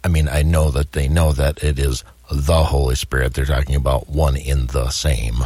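A man's voice: extremely low pitch, level tone, moderate pace, darkish tone, slightly rough, no echo. A man co-hosting a podcast, chatting casually with folksy wisecracks and short agreements. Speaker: podcast co-host. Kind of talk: casual chat.

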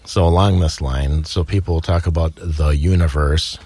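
A man's voice: a bass voice, fairly even intonation, moderate pace, a little mellow, no room sound. A man in casual conversation about faith, speaking earnestly and with emphasis.

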